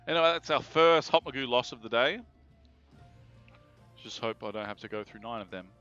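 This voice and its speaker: A man's voice: medium pitch, lively intonation, brisk, a bit bright, clean tone. A man with an Australian accent giving chatty, sweary live commentary while he plays a game. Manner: chatty, swears freely, reacts aloud to the game. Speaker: game streamer. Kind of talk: casual live gameplay commentary. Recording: dull lo-fi stream audio with game music.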